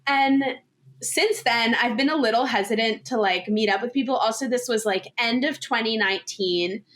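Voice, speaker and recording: A woman's voice: fairly high pitch, moderate pace, fairly bright tone. A woman in her twenties, a podcast guest talking candidly and casually, with lots of filler words. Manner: chatty, candid, heavy use of "like".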